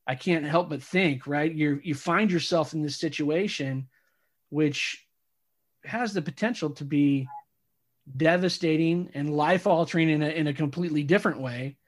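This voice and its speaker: A man co-hosting a podcast who speaks in a reflective, halting way with frequent restarts while chatting with a guest. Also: a little high. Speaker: podcast co-host. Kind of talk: casual interview chat.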